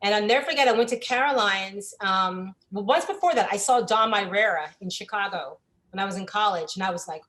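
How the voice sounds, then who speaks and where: A woman's voice: medium pitch, a little fast, a bit bright. Slangy woman comedian, laughing as she talks. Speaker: comedian co-host. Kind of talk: casual panel chat.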